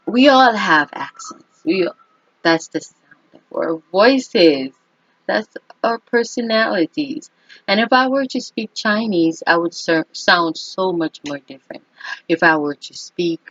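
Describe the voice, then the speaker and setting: An astrologer and vlogger delivers a casual, opinionated monologue in a lowish, slightly bright voice. She speaks emphatically and keeps checking in with "okay?", captured in a dull, lo-fi, dry recording with no room sound.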